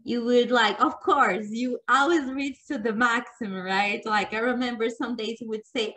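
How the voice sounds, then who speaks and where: Calm, encouraging female health coach. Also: fairly high pitch, normal speed, few pauses, rough recording. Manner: calm, encouraging, laughs easily. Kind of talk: casual interview chat.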